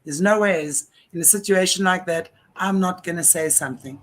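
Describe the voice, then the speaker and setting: A woman hosting a live-stream conversation, telling a story in an earnest, animated way. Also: lowish voice, moderate pace. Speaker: host.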